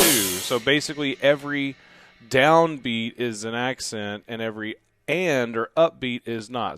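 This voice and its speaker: Demonstrating beats in his drum studio, a drum teacher counts aloud and shouts the bass, snare, and crash hits as he plays, then drops into a quieter, easygoing explanation. He talks at normal speed over loud music, with the kit's drums loud over his voice.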